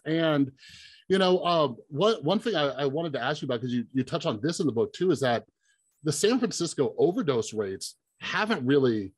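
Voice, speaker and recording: Podcast host guy, kinda husky, dry close sound, rambles thru his questions. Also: on the high side, lively intonation, normal speed, no room sound. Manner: casual, rambling questions with many fillers. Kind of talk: conversational interview.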